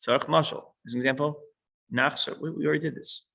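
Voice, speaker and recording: Gravelly husky male teacher. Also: fairly high pitch, fairly even intonation, fast, pushed and bright, poor audio. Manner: explanatory, reads a line then unpacks it. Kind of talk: explaining a text to a small class.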